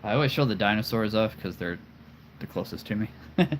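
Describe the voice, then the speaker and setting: A man's voice: fairly low pitch, animated, fairly quick, a little hiss or hum, rough recording. A man hosting a casual livestream, enthusiastically showing his collection, repeating phrases and chuckling often. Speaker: host showing his toy figure collection.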